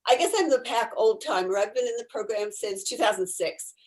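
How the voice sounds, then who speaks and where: A woman volunteer chats animatedly on a video call, telling stories about her therapy dogs and laughing often. Her voice is medium-pitched and a little mellow, she speaks briskly, and the audio quality is poor.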